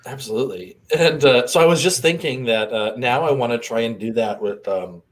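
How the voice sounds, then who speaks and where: A man's voice: mid-range voice, fairly quick. Man, co-host, casual spiritual talk, reflective, frequent fillers, laughs easily. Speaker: co-host, energy healer.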